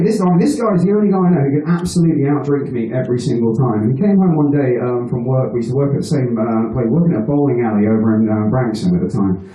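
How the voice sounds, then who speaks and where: In a live venue full of audience, a man with a medium-pitched voice does stand-up, telling a crude, meandering story while swearing frequently and laughing at his own material. The sound is lo-fi and echoey, captured by a mic far away.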